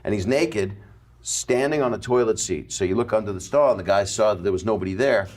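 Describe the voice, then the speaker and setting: A man's voice: lowish voice, fairly quick. A middle-aged man hosting a casual chat, telling stories and acting out the people he quotes. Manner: animated anecdote telling, acts out quoted voices.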